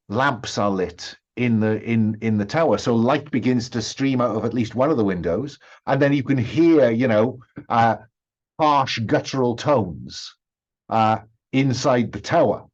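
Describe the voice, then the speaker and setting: A man narrating a tabletop game as game master, with many pauses and restarts. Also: medium pitch, highs cut off. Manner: hesitant, many ums and restarts.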